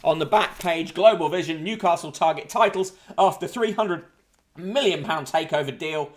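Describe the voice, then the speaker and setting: A man's voice: a little high, moderate pace, a little hiss or hum. A man hosting a casual livestream newspaper review, reading headlines aloud with dry asides and plenty of ums.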